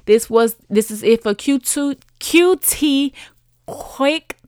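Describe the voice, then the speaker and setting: A woman's voice: sits high, takes it slowly, a little mellow, no room sound, clean studio sound. A woman in her thirties hosting a solo podcast, chatting in an encouraging way and talking straight to her listeners. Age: 30s. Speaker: podcast host. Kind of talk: casual solo podcast talk.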